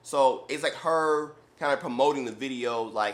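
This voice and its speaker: A young man, a running shoe vlogger, telling a story in an animated, exasperated way, full of "like". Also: medium pitch, moderate pace. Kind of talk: casual storytelling.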